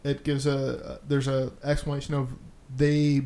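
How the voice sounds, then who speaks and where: A man's voice: medium pitch, completely flat delivery, unhurried, warm tone. A man hosting a casual podcast chat, swearing freely and rambling with restarts. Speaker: podcast host.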